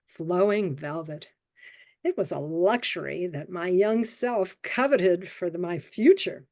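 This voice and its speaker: A woman in her seventies telling a personal childhood story at a story swap event, vivid and expressive. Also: lowish voice, measured pace. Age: 70s.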